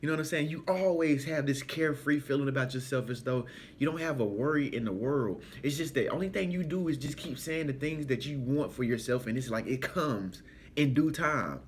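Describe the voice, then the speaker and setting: A man speaking in an animated, preachy, sing-song way in a motivational vlog. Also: medium pitch, brisk, slight background noise. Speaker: spiritual self-help vlogger.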